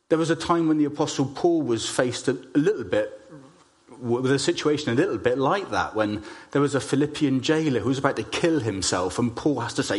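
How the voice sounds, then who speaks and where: A man preaching a sermon, telling stories and stressing key phrases slowly. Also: medium pitch. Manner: storytelling, emphatic with slow stressed phrases.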